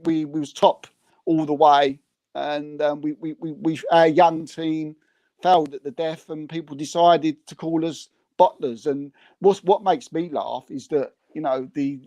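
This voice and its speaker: A man's voice: fairly high pitch, darkish tone, no room sound. Heated, rambling man. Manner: rambling, repeats words, heated and mocking. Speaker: podcast co-host. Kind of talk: casual football chat.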